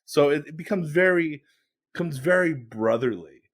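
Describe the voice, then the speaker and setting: A man co-hosting a podcast, telling a story in a casual, animated way and laughing along. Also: a little high, normal speed. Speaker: podcast co-host.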